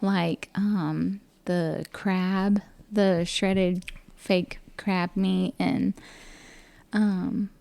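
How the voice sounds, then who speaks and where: Slow, mellow-voiced woman co-host. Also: on the low side, creaky. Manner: relaxed, listing with fillers. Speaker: podcast co-host. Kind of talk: casual chat. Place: home.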